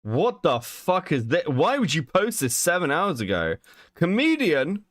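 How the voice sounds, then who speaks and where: A man's voice: fairly high pitch, measured pace, dry recording, clean studio sound. A man co-hosting a podcast in casual chat, talking in an incredulous way and swearing often. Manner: animated, incredulous, swears a lot. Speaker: podcast co-host. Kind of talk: casual chat, reacting to a video.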